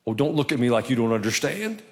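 A man preaches a sermon in a conversational style, dropping in humorous asides. His voice has a gravelly edge, and it carries with a long reverberant tail through the church. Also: mid-range voice, very animated, fast talker. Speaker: pastor.

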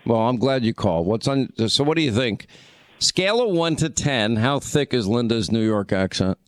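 A man's voice: mid-range voice, lively intonation, moderate pace, no room sound. A man hosting a call-in radio show, chatting with callers in an affable, teasing way. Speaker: radio talk show host.

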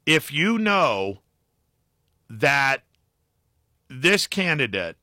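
A man's voice: medium pitch, sing-song, drawn-out words, bright, forceful tone, no echo, clean studio sound. A man hosting a call-in talk radio show, chatting with callers and reading the news with many fillers and restarts.

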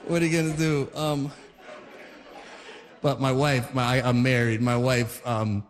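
A man's voice: mid-range voice, flat delivery, unhurried, in a large hall. A man in his forties doing stand-up comedy, telling rambling stories that keep stopping and restarting. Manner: rambling, self-interrupting storyteller.

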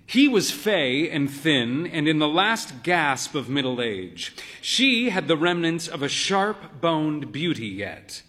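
A man narrates a literary story in a measured, deadpan way, with dry wit. His pitch sits a little high and moves a lot. He paces his lines slowly and deliberately.

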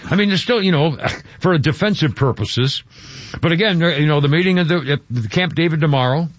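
A man's voice: fairly high pitch, fairly quick, no echo, lo-fi sound. A man hosting a talk radio show, rambling through commentary with frequent stammered restarts. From Georgia.

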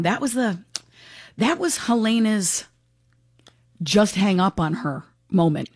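A woman's voice: medium pitch, expressive, takes it slowly, a little mellow, slightly rough, no room sound, clean studio sound. A woman hosting a talk radio show, chatting frankly and giving her opinions in a casual, unscripted way. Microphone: studio microphone.

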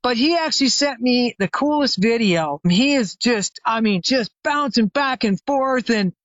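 A man's voice: very high-pitched, lively intonation, unhurried, fairly bright tone, no echo, lo-fi sound. Older man telling a rambling story. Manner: rambling anecdotal telling with many fillers and restarts. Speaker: retired chiropractor, guest expert. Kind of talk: conversational storytelling interview.

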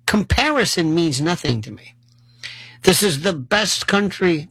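A gravelly-voiced man rants in a sarcastic monologue, his pitch leaping up and down as he mocks the people he criticizes. He sounds exasperated and acts out their voices with scorn. The sound is close and dry, with no room echo. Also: animated, unhurried, fairly bright tone. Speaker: commentator. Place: New York City.

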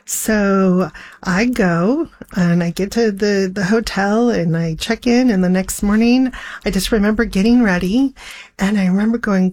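A woman guest telling an emotional personal story, acting out the dialogue with big swings in her voice. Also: a little slow. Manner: animated, re-enacts dialogue with big pitch swings.

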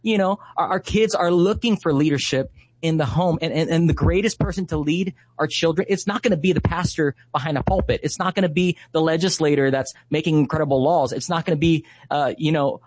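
A little high and fairly quick, the voice of this thirtysomething man from Hawaii comes through with no room sound. A Christian activist and interview guest, he tells a story with heartfelt passion and lots of filler words.

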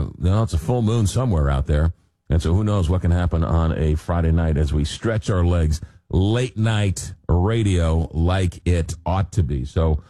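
A man's voice: low-pitched, mellow, no room sound. A man hosting a late-night radio show, rambling casually with lots of fillers while he gets over a cold. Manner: rambling, searching for words with many fillers. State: recovering from a cold. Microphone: studio microphone.

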